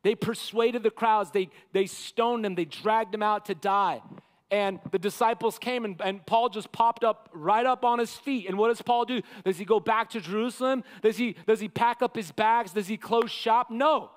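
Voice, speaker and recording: A man preaching a sermon as pastor, impassioned, sometimes acting out quotes with rising shouts. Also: sits high, moderate pace. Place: church sanctuary. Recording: long church hall reverb.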